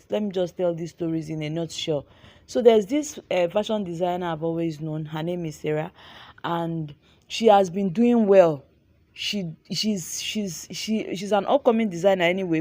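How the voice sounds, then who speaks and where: A young Nigerian woman, a fashion designer and vlogger, animatedly retells a dramatic story in a storytelling vlog, repeating herself a lot. Her voice is lowish and mellow, and the recording is dry.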